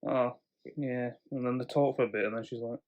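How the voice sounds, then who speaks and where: Young male co-host, casual swearing storyteller, middle pitch. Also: rapid-fire, lo-fi sound. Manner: swearing, animated storytelling with laughs. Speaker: podcast co-host. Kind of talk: casual chat.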